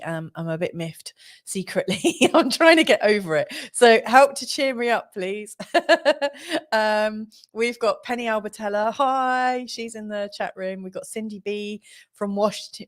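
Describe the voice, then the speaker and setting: A woman astrologer hosting a live stream, chatting casually with many fillers and frequent laughs. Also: mid-range voice. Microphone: studio mic.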